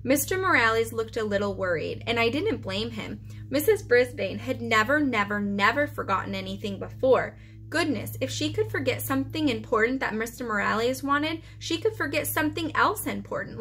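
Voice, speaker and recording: A woman preschool teacher reading a children's chapter book aloud for her class. Her voice is bright and a little high, telling the story expressively. She trips over a word now and then and corrects herself. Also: moderate pace. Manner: expressive storytelling with occasional stumbles.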